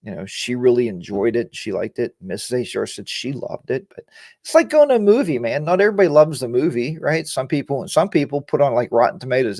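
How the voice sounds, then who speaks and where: A middle-aged man hosts a relaxed live-stream about motorcycles, chatting loosely and wandering off into jokey asides. His voice sits at an ordinary middle pitch. It is recorded dry and close, with no room sound at all. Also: brisk, no room sound. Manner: rambling and joking, chatty asides. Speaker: host of a live motorcycle chat show. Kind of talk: casual live-stream chat, reading viewer comments.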